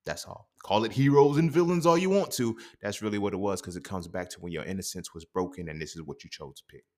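A young man hosting a podcast, telling a personal story in a profane, animated, slangy monologue. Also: lowish voice, fast. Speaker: podcast host.

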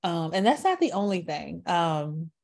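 A woman's voice: fairly low pitch, a little slow, gravelly. A woman giving a passionate faith testimony, calling out to her listeners and rambling through asides. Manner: preachy call-outs to listeners, animated and exclamatory; rambling with frequent fillers and asides. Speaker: Christian speaker sharing a testimony.

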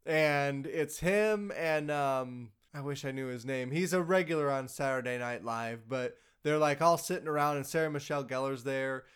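A man's voice: mid-range voice, normal speed, hardly any pauses, fairly bright tone, smooth. A man in casual chat with friends, teasing and swearing offhandedly while retelling comedy sketches.

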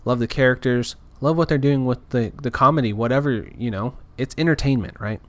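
A man's voice: medium pitch, fairly quick, fairly bright tone, dry recording. A man talking in a casual, rambling rant, frustrated and full of restarts. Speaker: podcaster. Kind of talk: casual ranting monologue.

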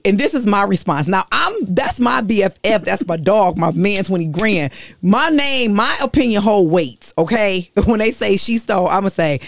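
A blunt, profane woman co-host swaps gossip in a casual chat, acting out what others said as she goes. Her voice sits at a medium pitch and sounds close and dry, with no room echo. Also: normal speed, creaky. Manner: blunt, profane, animated storytelling. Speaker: podcast co-host.

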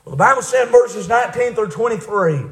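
A man preaching a sermon, fervent, rising to shouts and dropping to hushed asides. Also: very high-pitched, animated, fast talker, vocal fry, echoey room.

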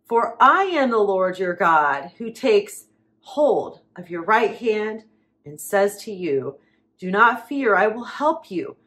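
Slow, emphatic woman reading scripture. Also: medium pitch, sing-song, fairly bright tone. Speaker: preacher.

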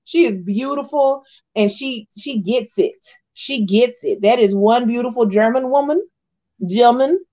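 A woman's voice: fairly high pitch, a little slow. A woman from Texas co-hosting a casual, playful movie review chat. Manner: animated, laughing, playful. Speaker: podcast co-host. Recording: dull lo-fi sound.

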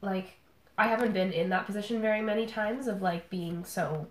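A woman's voice: medium pitch, moderate pace, echoey room. A young woman from Canada in casual chat, rambling with many fillers and laughing easily. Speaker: podcast panelist.

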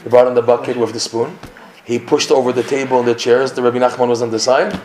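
A man teaching a Torah class, telling a story with lively acted-out dialogue. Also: medium pitch, fast. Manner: animated storyteller acting out the characters' lines. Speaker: religious teacher.

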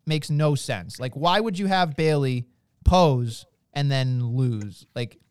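A man co-hosting a casual wrestling chat, talking with animated, sarcastic and profane banter. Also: mid-range voice, slow, clean tone, no echo, studio quality. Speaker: podcast co-host.

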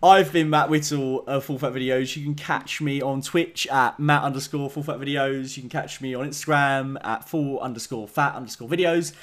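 A man's voice: mid-range voice, steady tone, normal speed, hardly any pauses, a little hiss or hum. A man hosting a casual podcast, laughing often and telling stories with animation. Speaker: podcast host.

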